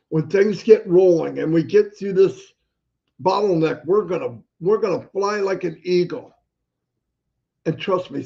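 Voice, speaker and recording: A man speaking as a host, giving urgent and pleading advice with quick asides. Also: high voice, vocal fry, mellow, lo-fi sound. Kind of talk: motivational talk.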